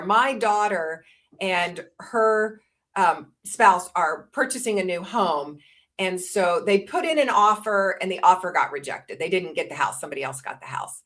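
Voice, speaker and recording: A woman's voice: lowish voice, expressive, a little slow, a bit bright. A woman in her fifties presenting a listening course, explaining tips in a casual webinar talk and acting out example lines.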